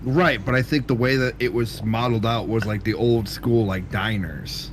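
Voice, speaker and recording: A man's voice: lowish voice, moderate pace, a little hiss or hum. A man co-hosting a casual podcast chat, teasing his friends and swearing freely. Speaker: podcast co-host.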